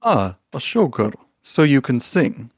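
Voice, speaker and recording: A man voicing a smooth-talking male animal talent agent in a tabletop role-play, formal and scheming. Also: medium pitch, very animated, measured pace, no echo, voice pushed up.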